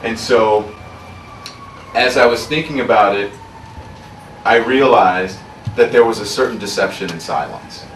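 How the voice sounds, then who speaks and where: Earnest low-voiced man from Louisiana. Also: measured pace, pauses often, fairly bright tone, a little hiss or hum. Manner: earnest, reflective storytelling. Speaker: author speaking at a book signing. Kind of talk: candid personal talk to an audience. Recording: roomy sound from far off, faint ambience.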